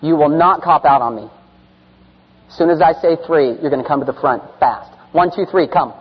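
Preacher in a big echoing hall. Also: male voice, a little high, normal speed, slightly rough. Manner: swings from loud urgent preaching to hushed near-whispered storytelling. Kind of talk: sermon with altar call. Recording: dull reverberant hall sound.

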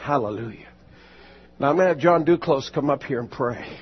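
Husky preacher guy in a church, storytelling then shouting prayers, kinda muffled recording. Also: mid-range voice, expressive, brisk. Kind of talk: sermon testimony. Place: church sanctuary.

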